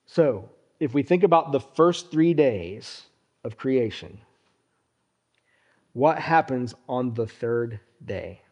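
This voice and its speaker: Male preacher, mid-range voice with a warm, relaxed tone; deliberate teaching sermon that often fades quietly at phrase ends. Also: highs cut off. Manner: deliberate, drops his voice low at phrase ends; teaching, addresses listeners directly. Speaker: pastor.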